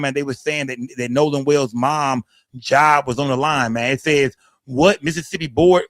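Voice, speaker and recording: A man's voice: a little high, a bit bright, no echo, studio quality. A man hosting a casual livestream, greeting chat names one by one and talking heatedly in slangy speech. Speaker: livestream host.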